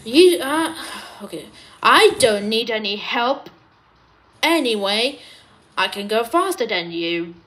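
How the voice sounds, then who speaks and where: A woman's voice: on the high side, sing-song, slow pace, a bit bright, heavily acted. A woman voicing a proud, cross little male tank engine who huffs and puffs. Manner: cross, huffing and puffing.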